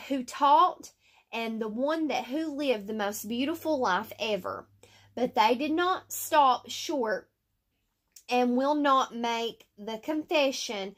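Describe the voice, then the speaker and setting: A woman teaches a Bible story lesson in a slightly high voice. She reads slowly and deliberately, using fillers and correcting herself.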